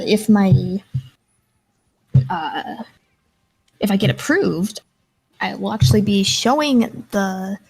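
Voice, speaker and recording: Young woman, gravelly edge, rambling casual storyteller on a gaming stream. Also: medium pitch, darkish tone, low-quality recording. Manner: chatty storyteller, many fillers. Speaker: guest streamer and artist. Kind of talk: casual chat while gaming.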